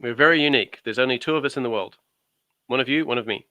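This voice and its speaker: A man's voice: mid-range voice, fast talker, pushed and bright, no echo. A man chatting casually as a guest, telling rambling stories and cracking jokes. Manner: joking, rambling storyteller. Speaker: guest on his wife's craft channel. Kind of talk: casual chat.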